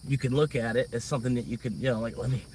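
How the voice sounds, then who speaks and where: A man's voice: mid-range voice, fairly even intonation, rapid-fire, darkish tone, far from the mic, a little hiss or hum. A man livestreaming a casual, rambling, profane rant about work and money. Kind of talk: casual venting monologue.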